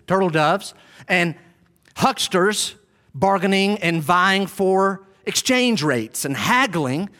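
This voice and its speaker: Lively high-pitched male preacher. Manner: emphatic, repeats key phrases; addresses the congregation directly. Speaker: pastor. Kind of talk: sermon.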